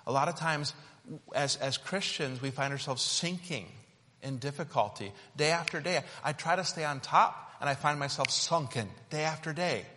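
A man's voice: a little high, moderate pace, bright, forceful tone, long reverb tail, slight background noise. A man preaching a sermon built around a hands-on object lesson, talking in a conversational, playful and demonstrative way.

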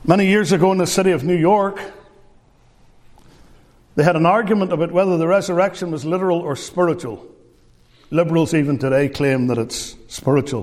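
A man's voice: a little high, long reverb tail. A man preaching a sermon, telling stories with emphasis. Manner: storytelling, emphatic.

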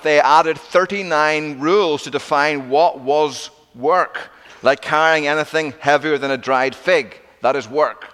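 A man delivering a sermon in a voice a little above the usual male pitch. He tells the story vividly, acting out the quoted lines. The sound carries a long reverb, as in a large church hall. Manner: animated storytelling with acted-out quotes. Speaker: preacher.

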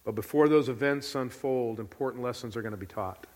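A man's voice: medium pitch, fairly quick, darkish tone, big-room sound. A man preaching a sermon as pastor, earnest and emphatic, repeating key phrases.

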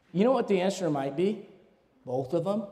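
A man preaching a sermon as pastor, animated and questioning the congregation, rising to shouts. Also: high voice, long reverb tail. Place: church sanctuary.

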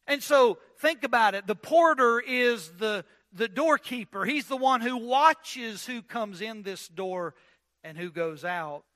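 Male pastor, sermon, high voice, bright tone, repeats words, soft low endings. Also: animated, a little slow. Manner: preaching with repetitions and drops to a low soft voice on key words.

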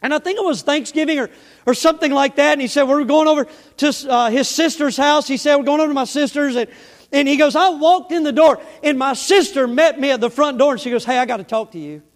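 A man preaches in a church sanctuary, his words trailing into a long reverb. He tells his story animatedly, at times close to shouting, then turns quiet and earnest when he speaks to the congregation. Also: very high voice, quick pace. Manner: animated, rising to near-shouting in the story, dropping soft and earnest for the appeal. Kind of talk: sermon with storytelling.

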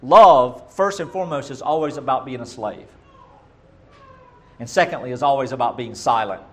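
A middle-aged man preaching a sermon as pastor, emphatic, swinging between loud bursts and quiet asides. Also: medium pitch, normal speed.

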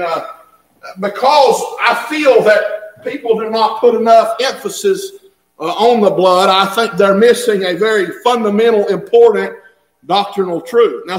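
A male preacher, delivering an impassioned sermon that swells into shouts, recorded in a church. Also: high-pitched. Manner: impassioned, rising to shouts, dialect grammar. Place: church sanctuary. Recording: echoey long-reverb church hall.

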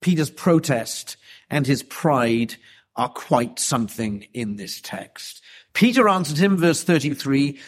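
A man preaching an expository sermon, emphatic and deliberate, with rhetorical questions. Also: medium pitch, lively intonation.

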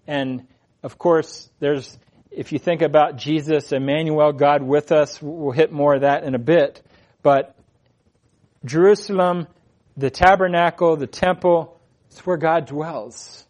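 Earnest preacher man, slightly high voice. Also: fairly even intonation, measured pace, muffled recording. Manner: earnest, emphatic, swells louder on key phrases. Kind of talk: expository sermon.

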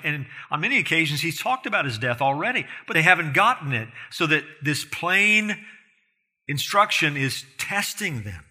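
A man's voice: on the high side, bright, forceful tone, slightly rough. A man preaching an expository sermon, earnest and emphatic, often putting rhetorical questions to his listeners. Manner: emphatic, rising in force on key points.

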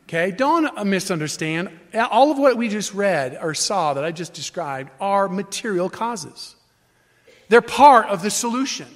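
A man with a notably high-pitched voice delivers a teaching sermon to his congregation. He explains Scripture point by point, leaning hard on key phrases and often restarting his sentences as he works through an idea. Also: expressive, unhurried. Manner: emphatic, explanatory, with frequent restarts and fillers. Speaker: pastor.

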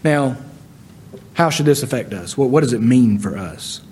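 A man preaching a sermon, expressive, acting out the words of biblical figures with rising and falling loudness. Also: medium pitch, normal speed, slight background noise. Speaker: pastor.

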